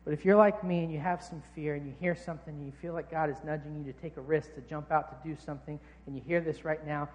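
A man's voice: on the high side, fairly even intonation, fast, few pauses, long reverb tail. A man preaching a sermon in a casual, conversational, jokey way.

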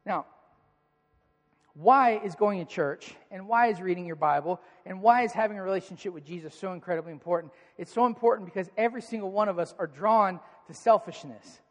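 A man preaching a sermon as pastor, swinging between loud emphatic peaks and hushed, quiet questions. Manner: rises in pitch and volume for emphasis, drops to quiet asides. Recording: hall reverb.

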